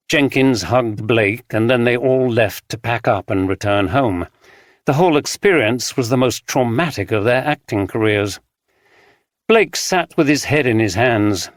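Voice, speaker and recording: Man reading an audiobook, calm and measured, medium voice, dry studio sound. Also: mid-range voice, dry recording. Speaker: audiobook narrator. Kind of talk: scripted narration.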